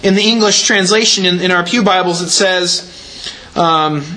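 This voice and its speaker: A man's voice: high voice, steady tone, normal speed, sharp tone, low-quality recording. A man preaching a sermon in a church, explaining scripture carefully and leaning hard on repeated words for emphasis. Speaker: pastor.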